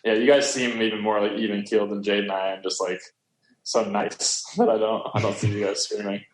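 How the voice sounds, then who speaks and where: Man, lowish voice, teasing, repeats himself, roomy echo, faint hiss. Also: flat delivery, brisk. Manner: teasing, repetitive questions. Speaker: podcast guest. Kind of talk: casual chat over video call. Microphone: video call. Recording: echoey room, faint noise.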